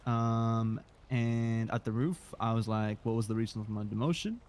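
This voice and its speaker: A man in a game roleplay, hoarse today, telling a rambling, aggrieved story of events. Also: mid-range voice, fairly even intonation, normal speed, darkish tone. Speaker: roleplay gamer.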